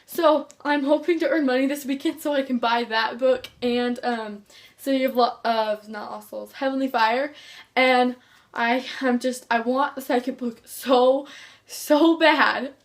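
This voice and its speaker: A woman's voice: high-pitched, steady tone, measured pace. A teenage girl vlogging about books she loves, gushing and rambling with many restarts. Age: teens. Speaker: book vlogger. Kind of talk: casual chat to camera.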